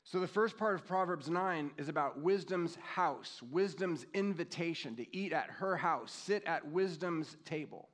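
A man in his fifties preaching a sermon in a conversational, reflective way, reading scripture slowly and telling personal stories. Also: a little high, fairly bright tone. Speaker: pastor.

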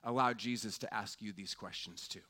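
A man preaching a sermon as pastor, slow and reflective, often dropping to a hushed tone on questions. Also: on the low side.

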